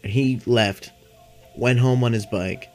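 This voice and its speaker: A man's voice: mid-range voice, slow pace, a little mellow. A stoned young man hosting a podcast, rambling loosely through a casual story, swearing often. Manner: rambling and laid-back, heavy swearing. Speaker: podcast host. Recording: clear music playing behind. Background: guitar music.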